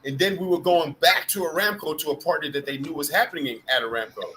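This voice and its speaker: Bright-voiced man telling rambling stories. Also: on the high side, fast talker, a little hiss or hum, poor audio. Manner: rambling, profane, laughing storyteller. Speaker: host of a live group chat. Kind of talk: casual storytelling chat.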